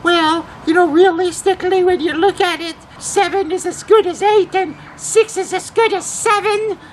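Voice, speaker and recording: A man's voice: extremely high pitch, fairly even intonation, moderate pace, a little hiss or hum, voice pushed up, poor audio. A man putting on the voice of a frail, fussy little old lady who pleads and insists on the phone. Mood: insistent.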